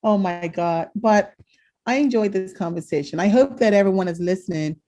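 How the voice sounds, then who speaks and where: A woman co-hosting a podcast, telling a family story in casual chat, animated and laughing often. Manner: animated, laughs often, jumps high when quoting herself. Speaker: podcast co-host.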